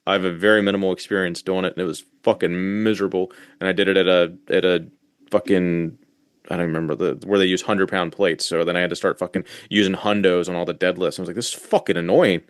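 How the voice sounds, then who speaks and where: A man's voice: low-pitched, level tone, fast talker, clean tone, dry recording, studio quality. A man co-hosting a podcast in casual chat, blunt and heavily profane. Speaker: podcast co-host.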